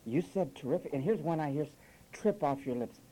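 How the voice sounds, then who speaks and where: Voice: medium pitch, expressive, moderate pace, mellow, rough recording. A preacher delivering a sermon with sarcastic asides, mimicking the phrases he criticises. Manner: sarcastic, mocks quoted phrases with acted voices.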